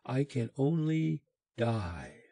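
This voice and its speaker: A man's voice: mid-range voice, very animated, drawn-out words, creaky, mellow, husky, no echo, full character voice. A man voicing a sorrowful fading dream spirit. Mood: sorrowful pleading. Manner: mournful, pleading.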